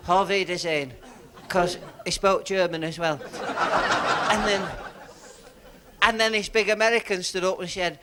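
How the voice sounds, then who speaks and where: A man doing stand-up, telling jokes slowly and giggling at his own lines. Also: high-pitched. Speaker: stand-up comedian. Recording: hissy old TV audio with audience laughter.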